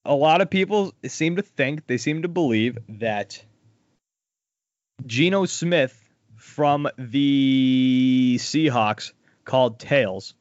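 A man co-hosting a casual sports podcast, bluntly recapping the week's football scores with lively opinions. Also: medium pitch, slow pace, no echo, muffled recording. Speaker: podcast co-host.

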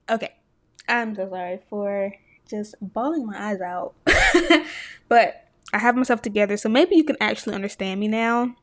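An earnest young woman talks to her podcast listeners about faith. Her voice sits at a middle pitch and turns emotional as she speaks straight to them. The recording is close and dry. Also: lively intonation, normal speed, no echo. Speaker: podcast host. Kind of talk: personal faith talk to listeners.

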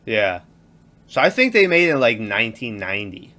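Guy with a lively bouncy voice riffing on a movie, laughing a lot, acting out lines. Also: mid-range voice, fairly quick. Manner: laughing, animated, acts out lines, swears a lot. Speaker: podcast co-host. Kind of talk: casual movie chat.

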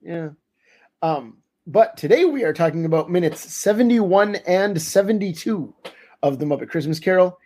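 A man's voice: high-pitched, animated, moderate pace, a little mellow. A man hosting a podcast, leading a casual chat and putting questions to his guests. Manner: leads the talk and poses questions. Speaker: podcast host.

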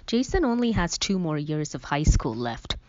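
A woman voicing a calm, motherly middle-aged mom in a higher, gently reasoning tone. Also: normal speed, no room sound. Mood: gently firm. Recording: dull, dry studio sound.

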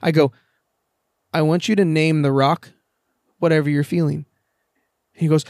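A man's voice: on the high side, brisk, a little mellow, no echo, clean studio sound. A man telling a story in a casual podcast conversation, candid and swearing freely, acting out the voices of the people in it. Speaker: podcast guest. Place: outdoors in a backyard.

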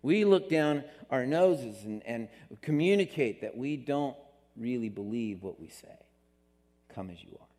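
Preaching man in a reverberant sanctuary. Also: a little slow. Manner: animated preaching, rising pitch on emphasis, acts out quotes. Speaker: pastor. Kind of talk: sermon. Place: church sanctuary.

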